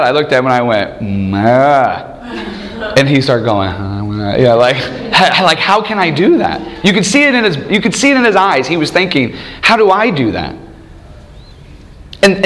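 A man in his thirties leads a church study group, teaching through plenty of rhetorical questions and chuckling often as he tells stories. His voice is fairly high and fairly bright.

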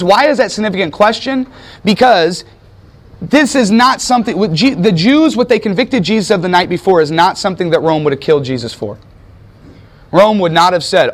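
A man's voice: sits high, animated, a little fast. A man teaching a class, telling history as a story and putting questions to his students. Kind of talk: classroom lecture.

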